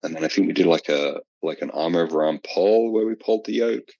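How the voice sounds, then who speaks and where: A British man chatting casually as a podcast guest, halting and heavy on fillers like "uh" and "like". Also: low voice, gravelly, a little mellow, no room sound. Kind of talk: casual chat. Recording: dull lo-fi audio.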